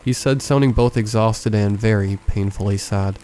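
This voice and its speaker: Low, mellow-voiced man narrating horror. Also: normal speed. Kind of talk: scripted narration. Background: faint background music.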